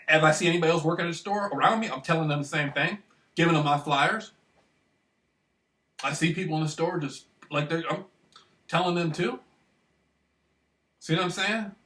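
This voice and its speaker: Animated man in an echoey room. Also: high voice, recorded from a distance. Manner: animated, repetitive, keeps asking "you know what I mean"; swings between loud bursts and hushed murmurs. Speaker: vlogger. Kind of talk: casual monologue to camera.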